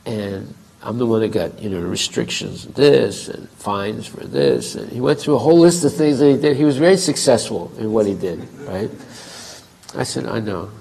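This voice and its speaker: Gravelly man telling a story in class. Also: on the low side, expressive, normal speed, dark tone, low-quality recording. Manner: conversational, acts out quoted dialogue. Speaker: temple speaker.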